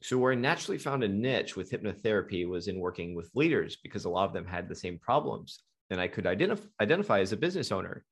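Guy with a lowish voice, middle-aged, tells his story in an animated, emphatic way, keeps restarting. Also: quick pace, breathy edge. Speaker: guest, hypnotherapist. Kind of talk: storytelling in a conversation.

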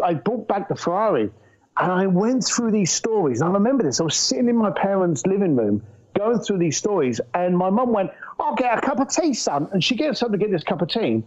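A middle-aged man from England, a guest entrepreneur telling anecdotes in an animated, storytelling way. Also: sits high. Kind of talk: casual storytelling interview. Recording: muffled lo-fi audio.

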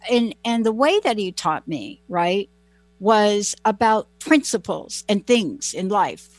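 A woman's voice: medium pitch, dry recording. A woman hosting a talk show, chatting in a rambling, personal, folksy way. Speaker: host. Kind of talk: casual chat.

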